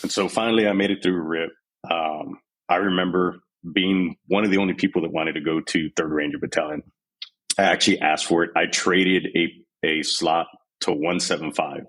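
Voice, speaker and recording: A man from Texas with an exceptionally deep, low-pitched voice and a husky, slightly rough grain, in his forties. He speaks as a podcast guest and talks frankly and openly, acting out earlier moments by quoting the people in them. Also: steady tone, normal speed, a bit bright, poor audio. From San Antonio, Texas, USA. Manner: frank, unguarded, retells scenes in quoted voices. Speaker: podcast guest, army veteran. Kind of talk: candid storytelling interview.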